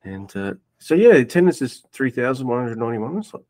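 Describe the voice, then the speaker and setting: A man from Australia co-hosting a casual podcast chat, relaxed and swearing casually. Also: medium pitch, brisk, no echo. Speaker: podcast co-host.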